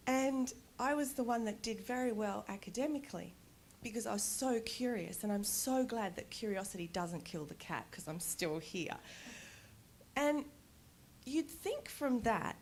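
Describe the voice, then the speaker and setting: Animated woman telling stories. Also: medium pitch, slight background noise. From Australia. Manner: animated, laughs often, candid. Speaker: conference speaker. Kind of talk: personal storytelling talk. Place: conference stage.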